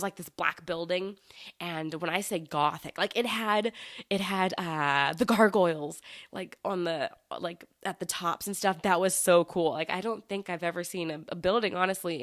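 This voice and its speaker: A woman's voice: lowish voice, a bit bright, no echo, studio quality. A woman hosting her own podcast in a casual, enthusiastic, rambling chat full of fillers. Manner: chatty and rambling, with many fillers and restarts; enthusiastic, gushing. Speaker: podcast host.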